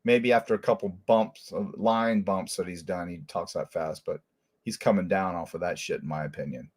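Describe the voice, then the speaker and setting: A man's voice: sits low, fairly even intonation, normal speed, darkish tone. A man hosting a commentary show as a former detective. He rants in a heated, profane way. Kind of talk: angry commentary.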